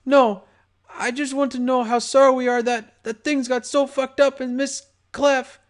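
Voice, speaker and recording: A man's voice: very high-pitched, little pitch movement, unhurried, voice pushed up. A man voicing a terrified, stuttering male pony victim in a fan audiobook. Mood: pleading. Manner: stuttering, panicked.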